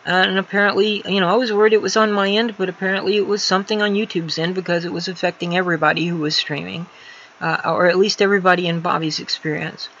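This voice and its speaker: A woman rambles through a casual home livestream, full of fillers and restarts, talking fast in a lowish, slightly bright voice with a steady tone. The lo-fi stream audio sounds slightly dull, with a little hiss or hum.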